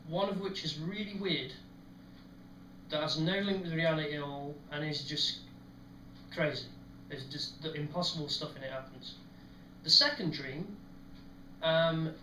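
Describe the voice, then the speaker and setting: Young male host, casual rambling storyteller, higher voice, roomy echo with faint background hiss. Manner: rambling, many ums, animated when retelling. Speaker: podcast host. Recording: echoey room, mic at a distance.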